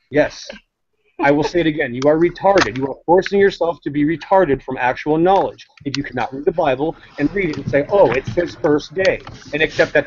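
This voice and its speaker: A man co-hosting a casual talk show, ranting in a blunt, heated way. His voice sits a touch higher than usual for a man. The recording sounds dull and lo-fi. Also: slight background noise. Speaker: co-host. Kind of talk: casual opinionated chat.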